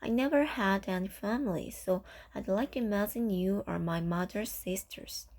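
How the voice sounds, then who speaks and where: A woman's voice: mid-range voice, normal speed, darkish tone, natural voice. A woman voicing an emotional, talkative orphan girl in a storybook reading, tearful and pleading. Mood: eager. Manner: tearful, pleading, then gushing.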